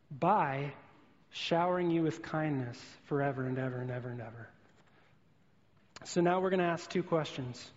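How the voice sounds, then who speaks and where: A man preaching a sermon in a church hall, earnestly building his points through vivid everyday illustrations. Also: on the high side. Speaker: pastor. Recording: long hall reverb, dull lo-fi sound.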